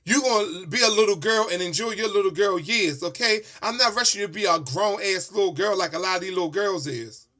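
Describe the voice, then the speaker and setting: Stern lecturing mother as a man plays her, firm, very high, bright. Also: fairly quick.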